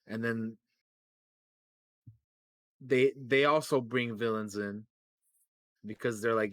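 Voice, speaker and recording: A podcast co-host casually recaps comics, rambling and profane, loaded with fillers and acting out quoted lines. His voice is fairly low, slow and flat, a bit bright, with frequent pauses and no echo.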